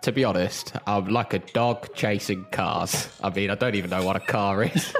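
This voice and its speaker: A man playing a tabletop game, talking hesitantly with many pauses. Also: fairly low pitch. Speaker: player. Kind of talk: casual tabletop play.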